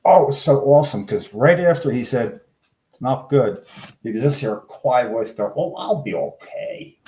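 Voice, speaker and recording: An older man, a guest in an interview, telling a long story in a rambling, animated way and acting out the voices he quotes. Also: medium pitch, normal speed. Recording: echoey room.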